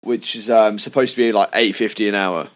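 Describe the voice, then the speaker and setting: A man's voice: fairly low pitch, fairly even intonation, fairly quick. A young man co-hosting a podcast, telling stories in a casual chat, swearing freely and sounding indignant. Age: young adult. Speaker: podcast co-host.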